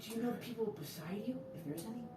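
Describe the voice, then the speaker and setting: A woman playing a tabletop game, asking playful, quick questions in character. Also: fairly high pitch, animated, music in the background. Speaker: player. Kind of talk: casual tabletop play. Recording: roomy, distant mic with background noise.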